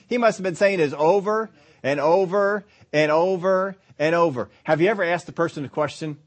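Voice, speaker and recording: A man preaching a sermon, emphatic, slowing down to stress key phrases and acting out quoted complaints. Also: fairly high pitch. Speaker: pastor.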